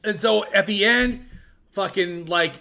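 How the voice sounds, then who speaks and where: High, bright, excitable male podcaster. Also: unhurried, vocal fry. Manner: excitable, heavy swearing, shouts when excited. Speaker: podcast co-host. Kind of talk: casual chat.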